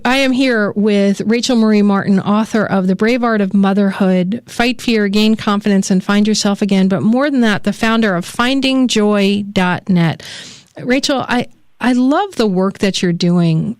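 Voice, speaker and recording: A woman's voice: medium pitch, normal speed, a little mellow, smooth, no room sound. Upbeat woman radio host, dry close mic. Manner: upbeat, enthusiastic host patter. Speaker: radio talk show host. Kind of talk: live radio interview.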